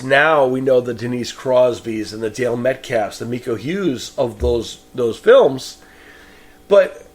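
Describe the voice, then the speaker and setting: Man, podcast host, film review monologue, opinionated, rambling, mid pitch. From Boston. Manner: opinionated, rambling, frequent restarts.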